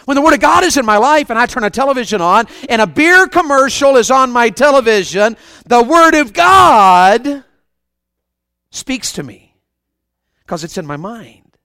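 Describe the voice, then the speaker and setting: A man's voice: very high voice, big pitch swings, moderate pace, bright, forceful tone, dry recording. A man with a Southern US accent preaching a fervent revival sermon, often putting questions to the congregation. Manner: fervent, asks the crowd questions.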